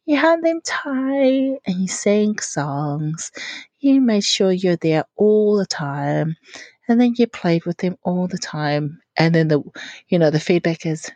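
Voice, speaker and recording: A woman's voice: lowish voice, expressive, takes it slowly, warm tone, no echo, muffled recording. Chatty giggly woman podcaster. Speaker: podcast host. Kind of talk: casual solo podcast chat.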